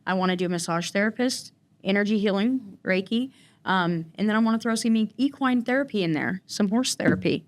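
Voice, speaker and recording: A woman in recovery is a guest in an interview, recounting her personal story in a rambling way full of fillers and restarts. Her voice is medium-pitched and brisk.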